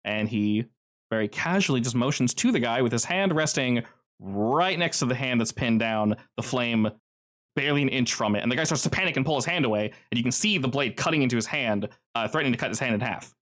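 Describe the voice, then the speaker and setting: A man narrating as game master in a casual, animated storytelling manner. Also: medium pitch, a little fast.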